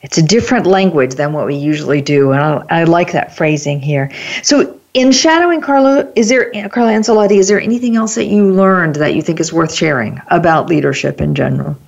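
A woman hosting an interview, asking reflective questions in a measured way and adding short affirmations. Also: low-pitched, animated, vocal fry, lo-fi sound. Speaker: host.

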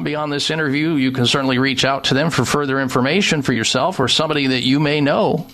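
A man hosting a radio talk show in an emphatic way, pushing his pitch up hard on key words and cutting in to make his own points. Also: moderate pace, fairly bright tone.

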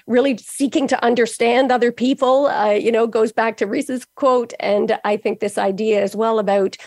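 A woman's voice: on the high side, fairly even intonation, moderate pace, a little mellow, dry recording, clean studio sound. A middle-aged woman from Canada, a guest talking with enthusiasm and reflection. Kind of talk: casual interview talk.

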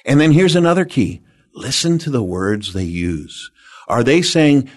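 A man from the United States, an animated and emphatic storyteller, giving sales advice as an interview guest. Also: medium pitch, a little slow.

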